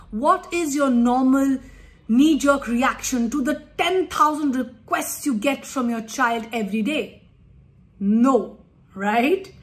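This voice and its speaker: A woman parenting coach giving earnest, emphatic advice to parents in an instructive talk. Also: on the high side.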